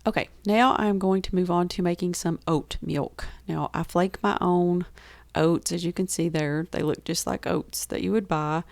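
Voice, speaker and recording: Woman, rural Southern US accent, gravelly fry, lowish voice, chatty vlog narration, dry close mic. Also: steady tone, normal speed, no room sound. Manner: chatty and enthusiastic, laughs easily. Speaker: homestead baking vlogger. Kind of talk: casual voice-over narration.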